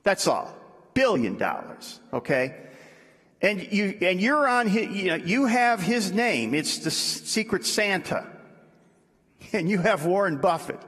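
A man preaching a sermon in a conversational way, dropping low and soft to make his points. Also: very animated, measured pace. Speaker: pastor. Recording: echoey hall.

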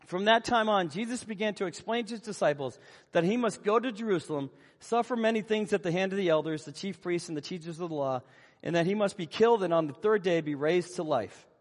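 The sound of a big hall, full of long reverb, carries a man's high, husky voice. He is a preacher giving a sermon and telling Bible stories in an animated way.

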